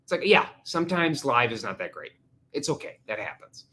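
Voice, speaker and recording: A man's voice: mid-range voice, fairly quick. A man hosting a casual live stream, joking around and slipping into silly voices. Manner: jokey, animated, slips into silly voices. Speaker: livestream host.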